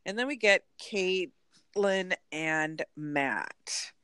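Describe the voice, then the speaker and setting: A woman co-hosting a casual chat, animated and storytelling, full of "like" asides. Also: fairly low pitch, very slow, smooth, no echo, clean studio sound. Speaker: podcast co-host. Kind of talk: casual chat recapping a reality show.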